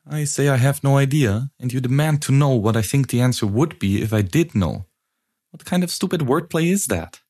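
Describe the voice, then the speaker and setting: A man voicing a troubled, intense woman in an audiobook, his voice pushed higher and strained for her. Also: animated, normal speed, a little mellow. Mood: teasing. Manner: strained, raising pitch for her. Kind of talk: audiobook reading.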